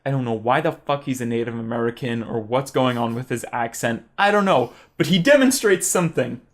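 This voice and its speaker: A man's voice: medium pitch, expressive, brisk. A young man in a casual podcast chat, stammering through restarts and agreeing often. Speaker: podcast co-host.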